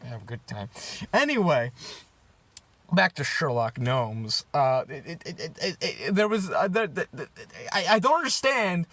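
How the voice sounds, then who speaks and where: A man's voice: fairly high pitch, very animated, a little slow, fairly bright tone, no echo. Rambling young man, mock-serious rant. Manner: rambling, stumbling over his words, sarcastic outbursts. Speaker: comedy vlogger.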